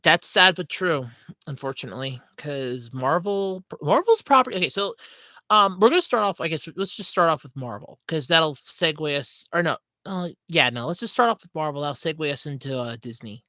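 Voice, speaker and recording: This is a podcast host chatting on a livestream in a loose, rambling way, apologizing and venting. The voice sits in a middle pitch, and the recording is close and dry with no room sound. The talk keeps wandering and restarting. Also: animated, normal speed, bright, forceful tone, no room sound. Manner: rambling, scatterbrained; apologetic, frustrated rant. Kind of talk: casual livestream chat.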